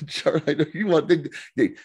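A man's voice: on the high side, measured pace, a crowd in the background. A man co-hosting a podcast, retelling a TV episode casually with lots of swearing and acted-out lines. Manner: profane, animated storyteller who acts out scenes. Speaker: podcast co-host. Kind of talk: casual chat recapping a TV episode.

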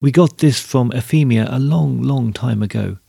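A man's voice: medium pitch, moderate pace, creaky, dark tone, husky, dry recording, clean studio sound. A man voicing an anxious, grieving old peasant woman who talks in a cross, suspicious, pleading way, in a storybook reading.

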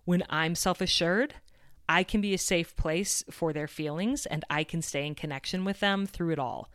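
Woman, 30s, podcast host; low-pitched, earnest and reflective, dry studio sound. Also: moderate pace, fairly bright tone, no echo. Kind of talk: scripted podcast monologue.

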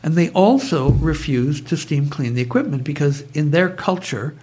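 Husky, fairly high-voiced man who rambles into tangents while telling stories. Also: lively intonation, moderate pace, darkish tone. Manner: digressive, goes off on tangents. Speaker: guest, brainwave trainer. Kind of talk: conversational storytelling.

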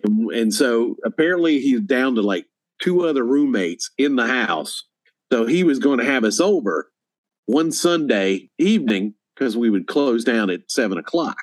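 A man's voice: medium pitch, normal speed. A middle-aged man telling a story as a podcast guest, acting out quotes with gusto. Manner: animated storyteller, acts out quotes loudly. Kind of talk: casual chat, storytelling.

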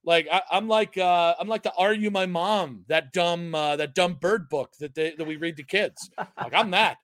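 A young man co-hosting a casual sports podcast, joking and animated. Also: high voice, moderate pace, dry recording, studio quality. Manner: joking, animated, puts on silly voices. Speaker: podcast co-host.

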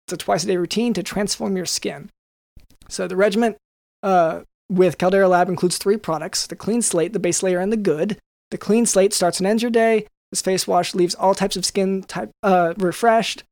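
A man's voice: high voice, normal speed, gravelly, a little mellow, dry recording, clean studio sound. A man on a podcast riffing through a sponsor read in a rambling, jokey way, with many restarts. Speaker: podcast co-host reading an ad. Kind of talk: improvised comedic ad read.

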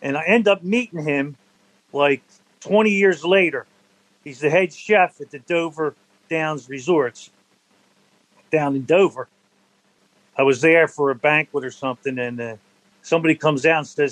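An older man, a former football center, telling stories from his playing days in a relaxed interview, laughing now and then. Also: fairly high pitch, normal speed, pauses often, no echo, poor audio. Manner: animated anecdotal storyteller, laughs between stories. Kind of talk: storytelling in a conversational interview.

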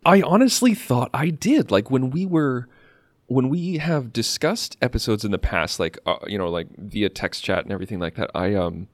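A man's voice: mid-range voice, expressive, normal speed, no echo, clean studio sound. A man co-hosting a podcast in casual chat, rambling with fillers and restarts. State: slight cough. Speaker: podcast co-host.

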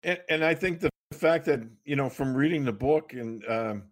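Male host, mid-pitch, halting casual questioner. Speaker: interviewer. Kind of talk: casual interview.

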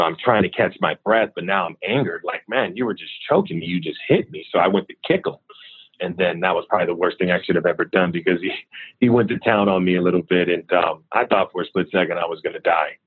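A man, a guest in an interview, candidly and steadily telling a personal story. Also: deep voice. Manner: candid, steady recounting of hard memories. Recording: tinny phone-like line.

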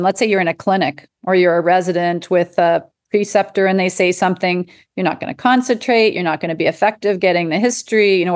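Woman physician guest, conversational, animated, quotes others in her stories, laughs easily. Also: fairly low pitch. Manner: animated storyteller, acts out quotes, laughs often. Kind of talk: casual conversation.

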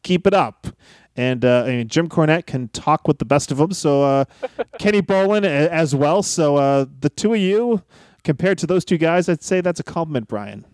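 A man's voice: a little high, lively intonation, moderate pace, darkish tone, dry recording. Dry-voiced man podcast co-host. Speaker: podcast co-host reading listener messages. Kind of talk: casual podcast chat.

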